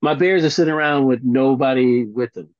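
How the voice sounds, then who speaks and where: A man's voice: medium pitch, brisk, dry recording. A man co-hosting a podcast, rambling and joking at his own expense in casual sports chat. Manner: rambling, jokey, self-mocking. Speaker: podcast co-host. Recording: slightly dull lo-fi recording.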